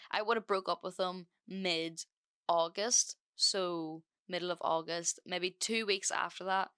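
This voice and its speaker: A young woman hosts her own podcast and tells a personal story straight into the mic. Her voice sits a little low for a woman. She talks casually and swears freely, with "like" in almost every sentence. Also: fairly bright tone, clean tone. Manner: chatty, sweary, lots of "like" fillers. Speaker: podcast host.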